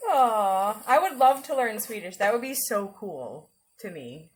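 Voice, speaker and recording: A woman chatting casually with her viewers while she cooks on a livestream, giggling now and then. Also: mid-range voice. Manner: chatty, giggly, talks to chat while cooking. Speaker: livestreamer cooking. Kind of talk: casual cooking livestream chat.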